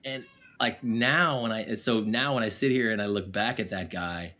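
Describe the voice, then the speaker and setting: A man in his forties with a lowish voice talks as a podcast guest. He speaks candidly and mocks himself, laughing easily and filling his talk with "you know" and "like". He tells it with loose, relaxed honesty. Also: moderate pace. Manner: candid, self-deprecating, laughs easily, many fillers. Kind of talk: casual candid conversation.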